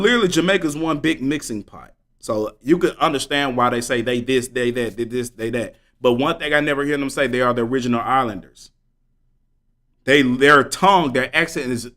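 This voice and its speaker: A man's voice: on the high side, sharp tone. A man livestreaming, talking fervently and preachily straight to his viewers in slangy speech that repeats points for emphasis. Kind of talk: live stream commentary.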